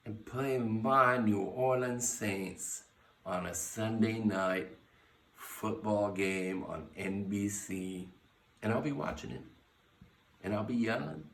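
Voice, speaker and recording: A man's voice: mid-range voice, measured pace, pushed and bright. A man hosting a podcast, giving brash, profane sports picks in casual talk and hyping his teams. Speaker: podcast host. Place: bar lounge. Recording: echoey room, mic at a distance.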